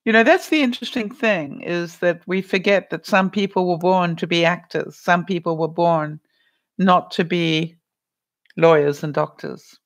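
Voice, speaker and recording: A woman's voice: fairly low pitch, moderate pace. Middle-aged woman giving earnest advice. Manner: earnest, with frequent restarts and "you know". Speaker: advice vlogger. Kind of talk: casual advice talk to viewers.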